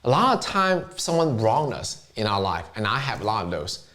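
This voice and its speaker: A man's voice: fairly low pitch, big pitch swings, normal speed, fairly bright tone. A middle-aged man with a Chinese accent, giving an earnest motivational talk as a self-help vlogger and often asking himself questions.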